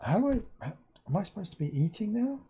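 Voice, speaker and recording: A woman hosting a casual live stream, chatty and quick to react with wows. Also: mid-range voice, big pitch swings, warm tone, slightly rough. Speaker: host.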